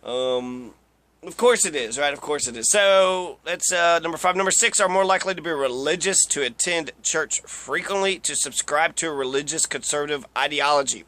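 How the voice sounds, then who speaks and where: A man's voice: on the high side, normal speed, sharp tone. A young man giving casual, profane commentary while reading through a list, ranting and mocking. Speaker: video commentator.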